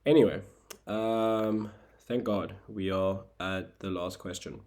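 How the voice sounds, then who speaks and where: A young man with a South African accent and a very low voice walks through a recorded lesson step by step. He adds wry asides as he goes. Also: steady tone, slow pace, darkish tone. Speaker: tutor.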